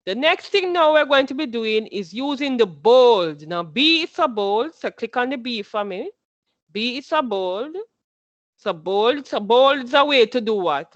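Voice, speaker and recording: A woman's voice: a little high, no echo, highs cut off. A woman teaching a class, patient, who repeats her instructions and quizzes her students as she goes.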